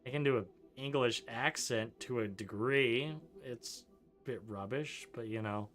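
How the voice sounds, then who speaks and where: Casting: young male streamer from Canada, bright tone, loose chatty delivery, faint game music underneath. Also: mid-range voice, unhurried. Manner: rambling, chuckling, lots of likes and ums. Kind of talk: casual gameplay commentary reading chat.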